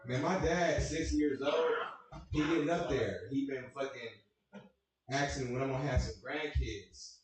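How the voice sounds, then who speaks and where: A man's voice: medium pitch, measured pace. A young man doing a loose, profane stand-up set and riffing with the crowd at a small comedy venue. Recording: very echoey room, mic far off.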